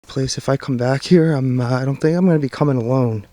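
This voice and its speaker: A jittery man talks into a handheld camera as he hurries through a forest at night. His voice is dark and mellow, often dropping to a mutter between sighs. Faint outdoor noise and rattling sit behind him. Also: mid-range voice, fast talker. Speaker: paranormal vlogger. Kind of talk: nervous first-person vlog narration. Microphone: handheld camera mic while walking.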